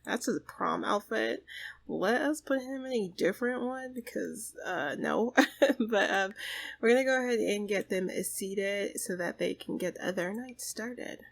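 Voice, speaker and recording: A woman's voice: medium pitch, measured pace, creaky. A woman hosting a casual let's play of a life-sim game, chatty and full of fillers. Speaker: gaming channel host.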